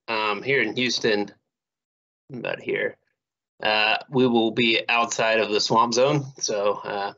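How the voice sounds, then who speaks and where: A man giving a recorded online lecture in a relaxed, rambling way with many fillers. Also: lowish voice, lo-fi sound. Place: home recording near Houston.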